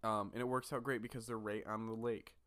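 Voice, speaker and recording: Laid-back low-voiced podcast guy. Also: little pitch movement, fairly quick, a bit bright, no room sound, clean studio sound. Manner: rambling, filler-heavy, easygoing. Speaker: podcast co-host. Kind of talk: casual chat about a fantasy book.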